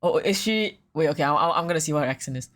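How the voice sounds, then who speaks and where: A woman streamer chatting casually and excitably during a game stream. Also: deep voice, racing.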